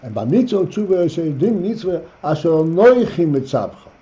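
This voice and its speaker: A man teaching a Torah class as rabbi, reading phrases slowly and explaining them. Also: a little high, very animated, warm tone. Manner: reads Hebrew phrases slowly, then explains in English. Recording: dull lo-fi class recording.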